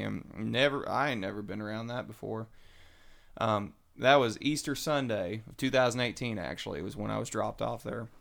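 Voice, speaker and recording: A man telling his recovery story in casual, animated talk, acting out the voices of people he quotes. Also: fairly low pitch, moderate pace, vocal fry. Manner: animated, acts out quoted voices, Southern colloquial.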